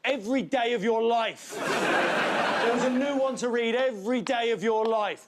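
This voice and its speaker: A man's voice: very high-pitched, normal speed, heavy background noise. A man doing a stand-up routine on a studio stage, incredulous, acting out imagined exchanges. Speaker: comedian.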